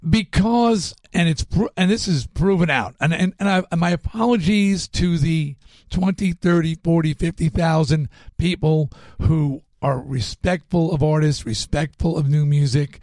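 Animated male storyteller, dry close sound. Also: a little high, no echo. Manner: animated storyteller acting out quotes. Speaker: guest musician. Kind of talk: casual interview storytelling.

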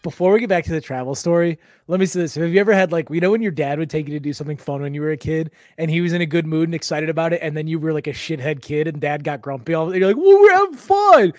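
Fast-talking podcast comedian man. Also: on the high side, fairly even intonation, a little mellow, no room sound, studio quality. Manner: rambling, joking, laughs often. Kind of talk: casual comedic chat.

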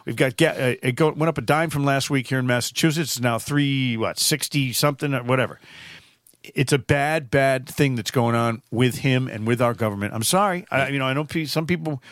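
A man's voice: mid-range voice, fairly quick, fairly bright tone, dry recording, studio quality. A man from New England co-hosting a casual political chat, blunt and rambling. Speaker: co-host.

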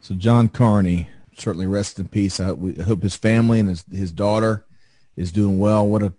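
Low, mellow male interviewer. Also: steady tone, a little fast. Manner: sympathetic, with short acknowledgements.

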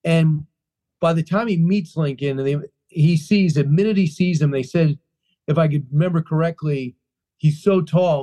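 A man talks about his book in an interview, telling stories with energy and emphasis while often restarting and repeating himself. He speaks at normal speed with a fairly high pitch.

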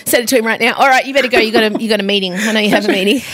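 A woman hosting a podcast, chatting in a giggly, teasing, animated way. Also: fairly high pitch, racing. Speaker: podcast host. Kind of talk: casual podcast chat.

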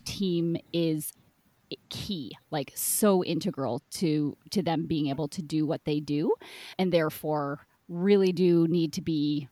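A woman's voice: low voice, slow, dark tone, no room sound. A woman co-hosting a casual interview, reflecting on what the guest said and thinking aloud. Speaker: podcast co-host.

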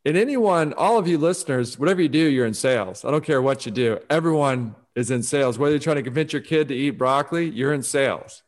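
A man giving conversational advice on focus as a guest, animated and acting out quoted voices as he talks. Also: mid-range voice, quick pace, hardly any pauses. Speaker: guest speaker on focus and success.

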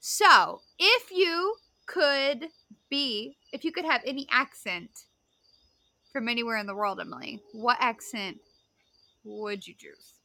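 A woman co-hosting a podcast in casual chat, playful and quick to laugh. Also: a little high, expressive, sharp tone. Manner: playful, laughs often, tries silly accents. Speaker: podcast co-host.

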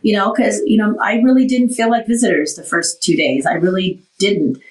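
A woman's voice: mid-range voice, normal speed, darkish tone, recorded from a distance. A woman hosting a talk show, telling her recovery story candidly and animatedly, tired after surgery. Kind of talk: casual talk show chat. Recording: roomy, off-mic sound.

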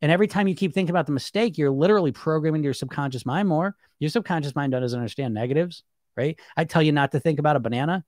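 A man coaching people on weight loss in a casual, animated way, often acting out the thoughts in people's heads. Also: on the high side, quick pace, dry recording, studio quality. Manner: animated, conversational, acts out inner voices.

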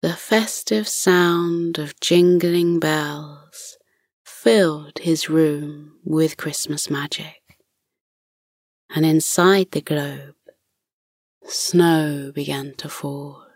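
A woman narrating a bedtime story for children in a soft, hushed voice that often drops to a whisper. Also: low-pitched, fairly even intonation, very slow, no room sound, studio quality.

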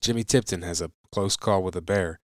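Male podcast host, very low voice, dry close sound. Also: a little fast, dry recording. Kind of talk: podcast introductions.

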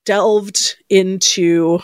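A woman's voice: medium pitch, fairly even intonation, very slow, smooth, dry recording. Playful woman podcast co-host, dry close sound. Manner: playful, laughs often. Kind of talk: casual podcast chat.

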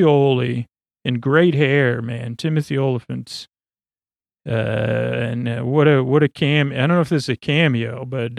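Rambling man with a gravelly voice. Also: mid-range voice, no room sound, clean studio sound. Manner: rambling, lots of fillers and asides. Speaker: podcast host. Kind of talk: meandering bedtime recap.

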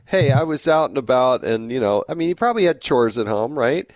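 A man's voice: mid-range voice, animated, fairly quick, no echo, studio quality. A man from Arizona hosting an interview, asking questions in a friendly, chatty way. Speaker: host. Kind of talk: casual interview chat.

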